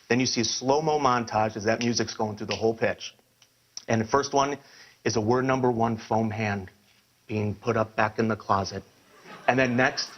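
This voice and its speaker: A man narrating an ad pitch scene by scene at a steady pace. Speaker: contest entrant pitching an ad. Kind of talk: spoken ad pitch. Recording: dull lo-fi playback.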